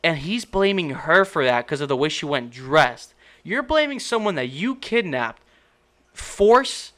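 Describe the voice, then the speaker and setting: Bright-voiced man ranting about a movie. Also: on the high side. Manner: incredulous, exasperated, rambling with restarts. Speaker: movie reviewer. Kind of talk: casual spoken movie critique.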